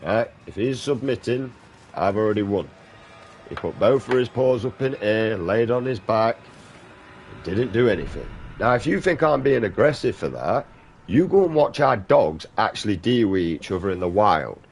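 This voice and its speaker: A man's voice: on the low side, expressive, moderate pace, a little hiss or hum. A man gaming streamer chatting casually while he plays, blunt and sweary, rambling from point to point. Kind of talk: casual chat while playing a game.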